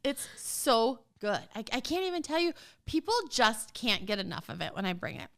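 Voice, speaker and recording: A woman's voice: fairly high pitch, big pitch swings, moderate pace, fairly bright tone. A middle-aged woman chatting as an interview guest, bubbly and laughing often as she tells stories. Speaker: guest, dance mom. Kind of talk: casual interview chat.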